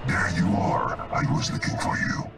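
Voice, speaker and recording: An actor voicing a mocking, unstable computer glitch in a video game, with a deep, distorted voice and a taunting manner. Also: male voice, big pitch swings, normal speed, vocal fry, a bit bright, recorded from a distance, exaggerated voice. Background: game music.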